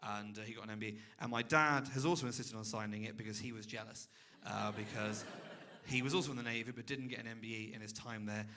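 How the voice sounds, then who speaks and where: A man's voice: fairly low pitch, steady tone, quick pace. A young man doing a stand-up set on a club stage, dry and self-mocking, chatting with the crowd. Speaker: stand-up comedian. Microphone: handheld stage mic.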